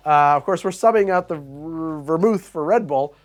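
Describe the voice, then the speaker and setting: A man hosting a cocktail show, reviewing bad drinks with theatrical disgust and deadpan asides. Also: fairly high pitch, normal speed, background noise.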